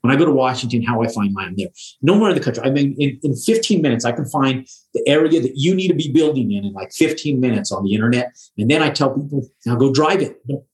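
A middle-aged man, a home builder, is speaking as a podcast guest. His voice sits at an ordinary middle pitch, and he tells his stories in a loose, slangy way. He swears freely and restarts his sentences often. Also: lively intonation, fast, darkish tone, poor audio. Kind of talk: casual storytelling.

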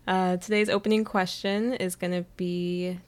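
A young woman from California co-hosting a book podcast, chatting in a relaxed way and laughing often. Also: on the low side, normal speed. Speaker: podcast co-host. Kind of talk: casual chat.

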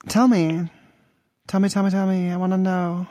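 A man's voice: high-pitched, little pitch movement, normal speed, mellow, no echo. Prank podcast host, man, crude and mocking, rambling delivery, dry close sound. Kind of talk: crude prank call banter.

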